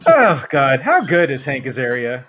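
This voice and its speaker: A man appearing as a guest on a casual talk show, chatty and quick to laugh. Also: mid-range voice, huge pitch swings, highs cut off, crowd noise. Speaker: podcast guest. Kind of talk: casual chat.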